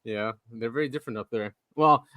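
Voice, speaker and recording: A man hosts a podcast, chatty and eager to explain things in casual conversation. His voice is mid-pitched and his sound is dry and close. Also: brisk, no echo, lo-fi sound. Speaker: podcast host. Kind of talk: casual chat.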